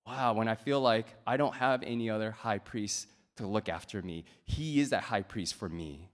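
A man gives a sermon in a relaxed, conversational way. His voice sits a little low, and he often pauses on fillers or asks "right?" to check in with the listeners. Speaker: pastor.

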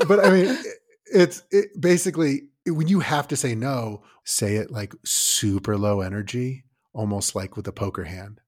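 A man with a medium-pitched voice speaks at a moderate pace as co-host of a casual parenting podcast. He talks loosely and swears, animatedly acting out the lines a parent and a kid would say.

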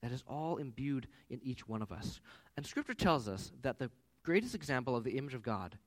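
Pastor, 30s, man; lively, swooping delivery, chatty sermon full of family anecdotes. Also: medium pitch, fairly quick. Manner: animated, conversational with personal anecdotes.

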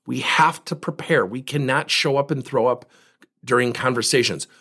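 In a mid-range voice that is sharp with a breathy edge, this man speaks at a moderate pace. He's a leadership coach hosting his own podcast, pressing his points emphatically in a monologue full of rhetorical questions.

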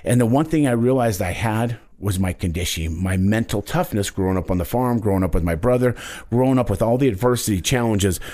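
A man in his fifties from Wyoming speaks in a low voice. He tells his story earnestly in a casual interview and acts out what people said to him. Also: fairly quick. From Wyoming, United States. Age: 50s. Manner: earnest, animated retelling with acted quotes. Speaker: guest, Olympic wrestler.

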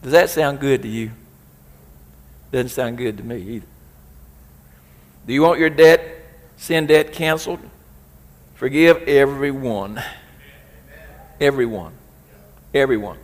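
A man's voice: mid-range voice, measured pace, long pauses, long reverb tail. A man preaching a sermon as pastor, reading scripture aloud with rising emphasis.

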